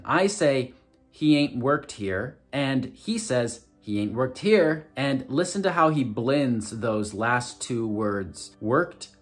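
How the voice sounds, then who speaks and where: A male English teacher speaks to camera in a mid-range voice. He explains point by point, clearly and deliberately, and slows down to model each example phrase. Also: medium pitch. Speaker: English teacher and video host.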